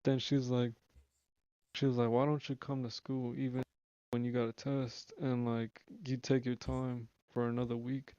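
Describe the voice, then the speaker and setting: A man's voice: medium pitch, flat delivery, moderate pace, mellow, clean tone, no room sound, lo-fi sound. A young man streaming live, telling a long story in casual slangy speech with lots of swearing and restarts. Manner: rambling, slangy, swears freely, restarts often.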